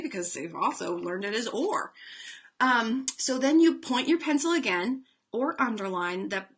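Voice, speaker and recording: Woman, reading teacher, bright voice, chatty webinar delivery with fillers, slows to stretch out sounds. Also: on the high side. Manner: chatty, demonstrates sounds slowly, frequent fillers. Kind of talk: instructional webinar talk.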